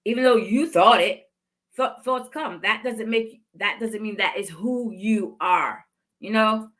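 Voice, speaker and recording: Speaking at a measured pace in a mid-range, slightly bright voice, a podcast host in her fifties delivers heartfelt faith-based motivation. She leans on repetition for emphasis.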